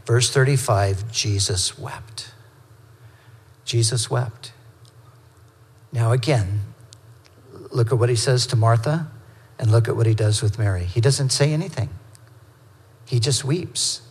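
A male pastor teaches through scripture in a relaxed, conversational sermon, breaking into quick asides and correcting himself as he goes. His voice has a mid pitch and carries the long reverb of a large hall. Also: slightly rough.

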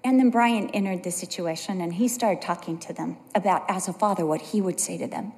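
A woman's voice: on the low side, a little fast, darkish tone, long reverb tail. A middle-aged woman preaching a sermon, telling stories with earnest conviction. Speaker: pastor's wife preaching.

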